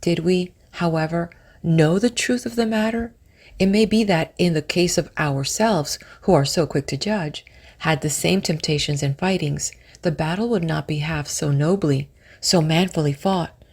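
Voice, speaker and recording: Woman narrator reading spiritual prose slowly. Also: deep voice, darkish tone. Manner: measured, drawn-out phrasing, dropping to a whisper at times. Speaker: audiobook narrator.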